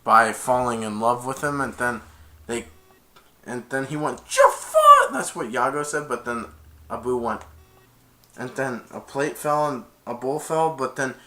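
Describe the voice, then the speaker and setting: Speaking a little slowly and steadily in a mid-range voice, a man retells a movie's plot over a noisy background. As a reviewer, he rambles casually, joining events with frequent "and then" restarts.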